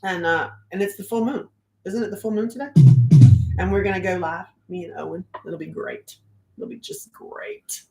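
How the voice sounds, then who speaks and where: A woman's voice: lowish voice, fairly quick, creaky, echoey room, soft background music, poor audio. Chatty middle-aged woman livestreaming. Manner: chatty and joking, reads comments aloud. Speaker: livestream host. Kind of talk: casual livestream chat.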